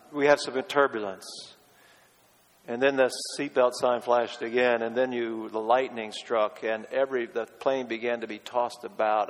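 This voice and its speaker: A male pastor preaching a sermon, pressing hard on key words and dropping to a hush for quotes. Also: medium pitch, long reverb tail, low-quality recording. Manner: emphatic, swinging from loud stresses to hushed quotes.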